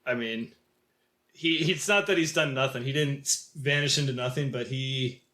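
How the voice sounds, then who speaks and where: A man's voice: medium pitch, normal speed, sharp tone. A man co-hosting a film podcast, talking in a thoughtful, hesitant way with many fillers. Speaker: podcast co-host. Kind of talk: casual film discussion.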